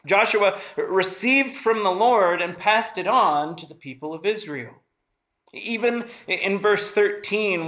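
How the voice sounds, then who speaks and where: A high, bright-voiced man in his thirties delivers a sermon as a pastor. He talks in an earnest, conversational way, often restarting his sentences and repeating key lines to drive them home. The tone stays clear and ringing throughout. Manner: earnest, conversational preaching with frequent restarts and repetition for emphasis.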